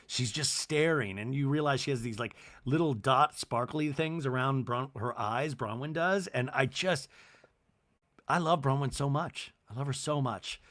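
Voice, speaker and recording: A man's voice: mid-range voice, a bit bright, dry recording, clean studio sound. A man hosting a podcast, casually recapping a reality show in a chatty, gushing way. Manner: chatty, gushing, trails off and restarts. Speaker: podcast host.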